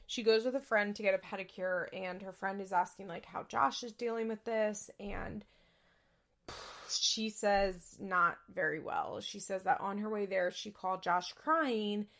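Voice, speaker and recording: A woman's voice: medium pitch, measured pace, a bit bright. A young woman hosting a podcast, chatting candidly about a reality show and swearing freely. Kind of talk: casual chat recapping a reality show.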